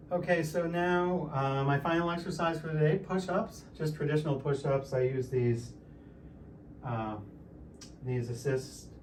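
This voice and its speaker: A man's voice: medium pitch, darkish tone, distant mic, a little hiss or hum. A man in his sixties giving a casual, plain talk while he works out, explaining with frequent fillers. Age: 60s. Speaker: fitness vlogger.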